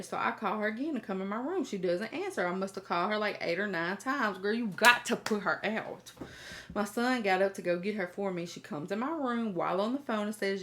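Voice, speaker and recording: A woman's voice: medium pitch, animated, a little fast, a bit bright. A woman host reading a viewer's email aloud and reacting in a blunt, profane, chatty way, talking straight to her viewers.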